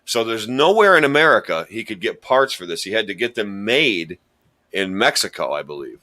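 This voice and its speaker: A man's voice: lowish voice, sing-song, normal speed, pushed and bright. A man hosting a casual podcast, rambling and joking at his own expense while telling stories. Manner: rambling, jokey, self-deprecating storyteller. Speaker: podcast host and quiz contestant. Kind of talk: casual chat.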